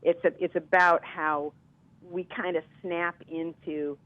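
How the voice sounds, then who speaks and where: A woman from Milwaukee, a singer guesting on a radio interview, telling stories in a lively, chatty way. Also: fairly low pitch, slow pace, no room sound, narrow, tinny audio. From Milwaukee, US Midwest.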